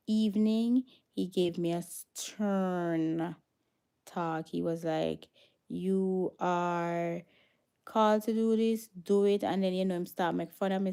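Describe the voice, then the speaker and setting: Jamaican lady vlogging live, talks to her viewers, drops into patois, warm raspy-ish voice. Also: lowish voice. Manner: chatty, slipping into Jamaican patois. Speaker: vlogger hosting a livestream. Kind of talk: casual livestream chat, reading viewer comments.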